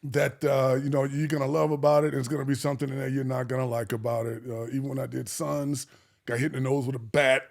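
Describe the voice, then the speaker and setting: A man's voice: medium pitch, fast, vocal fry. A middle-aged man, an actor, telling casual stories and acting out the voices of the people in them. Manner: animated, acts out voices in his stories. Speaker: actor guest. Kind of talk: casual storytelling.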